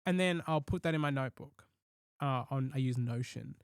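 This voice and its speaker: A man's voice: medium pitch, brisk, clear, resonant tone, no echo. A man in casual podcast chat, rambling and swearing lightly as he works through ideas. His voice sits mid-range, recorded close and dry, with no room sound around it. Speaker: podcast host and comedian.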